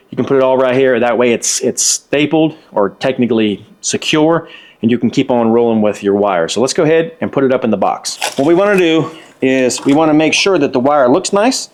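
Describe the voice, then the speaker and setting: A man explaining electrical wiring step by step in a casual hands-on tutorial, folksy and repeating himself for emphasis. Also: mid-range voice.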